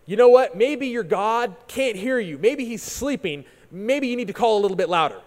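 A bold, sarcastic prophet of old, as a preacher plays him in a retelling, taunting and daring his rivals. The voice sits high for a man. A long reverb hangs on every word, like a big hall. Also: animated, normal speed, a little mellow. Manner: taunting, challenging.

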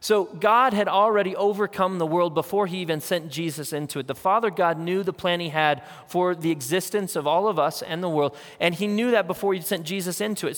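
Earnest male pastor preaching in a hall. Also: sits high. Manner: earnest, conversational storytelling with emphatic repetition. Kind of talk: sermon. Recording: long hall reverb.

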